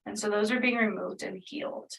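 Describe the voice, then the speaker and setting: A woman's voice: medium pitch, fairly even intonation, a little fast, vocal fry, a bit bright, distant mic, a little hiss or hum, poor audio. A woman doing a casual spiritual energy reading, talking in a meandering, earnest way full of fillers. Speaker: spiritual healer channeling energy.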